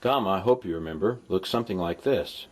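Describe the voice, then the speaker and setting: A Greek tutor records a language lesson, his low voice moving quickly. He explains things patiently and slips in playful jokes for his students.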